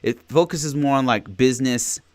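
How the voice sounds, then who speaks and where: A man with a medium-pitched voice and moderate pace hosts a live-streamed podcast, chatting informally with viewers and reading their questions. He often restarts his sentences and keeps checking in with "right?".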